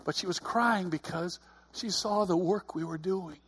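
Husky-voiced man preaching. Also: high-pitched, unhurried, fairly bright tone. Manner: earnest, conversational, repeats words often. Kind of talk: sermon.

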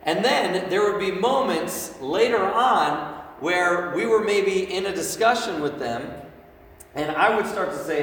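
A man in his thirties preaching to a young crowd with an easy, conversational manner, voice sitting a little high for a man. He is heard from some distance across a big, echoey hall, with a long reverb tail and faint room hiss behind him. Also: animated, normal speed, a bit bright. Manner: conversational, asks the room frequent "right?" questions. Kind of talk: casual sermon to a youth group.

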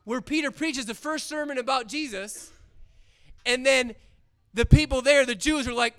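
A man with a very high, bright and crisply clear voice preaches to a young audience. He retells old stories in plain everyday words, earnest and conversational. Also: moderate pace. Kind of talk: casual sermon retelling scripture.

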